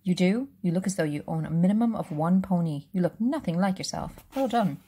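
A woman reading aloud voices a dry, polite gentleman guardian with an understated manner. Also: on the low side, animated, fairly quick, breathy edge.

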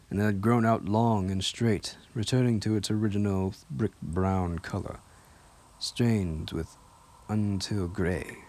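Male audiobook narrator, deep and low, steady measured read. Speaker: audiobook reader.

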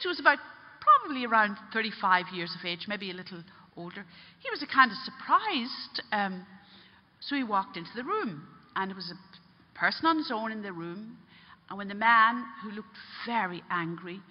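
A religious sister telling a story to an audience in an earnest way, dropping to a hushed tone at grave moments. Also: female voice, on the high side. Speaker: religious sister giving a spiritual talk. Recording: dull lo-fi recording in a reverberant hall.

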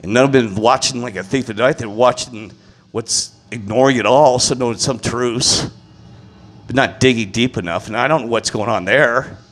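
A man on a passionate, indignant religious rant, repeating his exasperation and rising to loud peaks. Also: mid-range voice, moderate pace. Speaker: vlogger.

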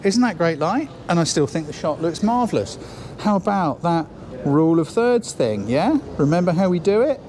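A man's voice: a little high, very animated, moderate pace, hardly any pauses, darkish tone. A man teaching photography on a shoot, chatty and encouraging, thinking aloud as he works. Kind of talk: on-location photo lesson. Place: outdoors then inside a building on a shoot.

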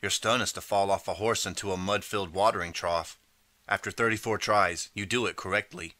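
A man reading a second-person interactive audiobook in steady, measured narration. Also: low voice, no room sound.

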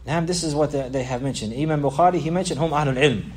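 Fast-talking male lecturer with a husky voice. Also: on the high side. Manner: quick, repeats and restarts phrases, reads Arabic passages fast. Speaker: teacher. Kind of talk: religious lecture explaining a classical text.

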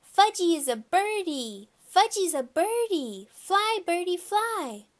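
A shrill, giddy little toddler boy from a storybook, squealing his sing-song baby talk in a very high, slow voice, as a woman reader acts him out. He sounds wild and loud. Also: very animated, heavily acted.

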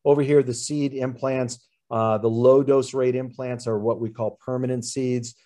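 Mellow-voiced man explaining medical slides. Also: medium pitch, level tone, normal speed. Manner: explanatory, walks through slides with frequent fillers. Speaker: urologist. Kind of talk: medical webinar presentation.

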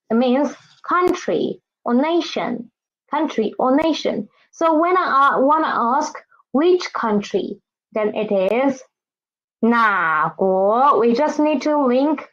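Woman, teacher, patient, repeats each word, very slow delivery, dull lo-fi recording. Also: fairly high pitch, fairly bright tone. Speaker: Chinese language teacher. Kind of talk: slow spoken language lesson with drills.

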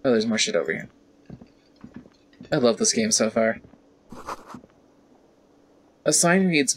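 A man streams a video game, reading its text aloud and reacting with casual, animated commentary, with a swear here and there. His pitch is lively and sits in a middle range. Faint music plays behind his voice. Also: slow pace, long pauses. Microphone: studio mic with EQ.

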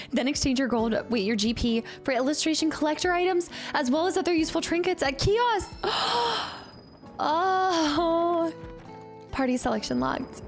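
A young woman talks through her video game playthrough, chatty and easily delighted. Her voice sits a little high, with quiet game music underneath. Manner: excitable, chatty, thinking aloud. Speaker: streamer playing a video game. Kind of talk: casual let's-play commentary.

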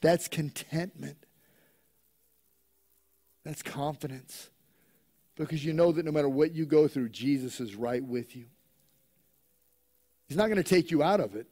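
Male pastor, high-pitched voice, emphatic church preacher with big dynamic swings. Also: animated, a little fast, long pauses, dark tone. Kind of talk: sermon.

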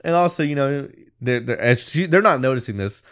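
A man's voice: medium pitch, expressive, fairly quick, fairly bright tone. Rambling man recapping a movie. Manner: rambling, full of "like" and "whatever", laughs mid-sentence. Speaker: podcast co-host. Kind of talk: casual movie recap chat.

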